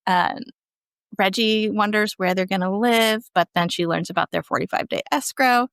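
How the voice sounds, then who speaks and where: A woman's voice: medium pitch, moderate pace, gravelly, clean tone, dry recording, studio quality. A woman guest on a podcast, retelling episode scenes in a casual, chatty way. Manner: lively, chatty storytelling. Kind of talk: casual recap chat.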